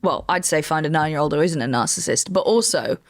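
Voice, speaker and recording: A woman's voice: deep voice, a little fast. A woman comedian co-hosting a podcast, recounting a true crime story step by step with wry asides. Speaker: comedian co-host.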